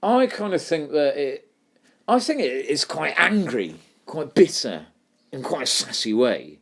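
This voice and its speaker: A man's voice: a little high, sing-song, measured pace. A man teaching a poetry lesson, thinking aloud and putting questions to his students. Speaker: English literature teacher.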